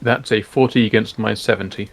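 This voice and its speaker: A low-voiced man talks casually as a tabletop player. He hesitates a little and stops to ask questions. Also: steady tone, fairly quick.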